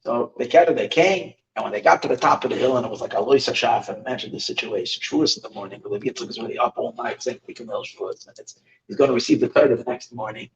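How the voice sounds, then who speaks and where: A man, a rabbi, telling stories in a halting lesson, with many restarts. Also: medium pitch, a little hiss or hum. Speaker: rabbi teaching. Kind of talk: storytelling lesson. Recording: dull recording, far from the mic.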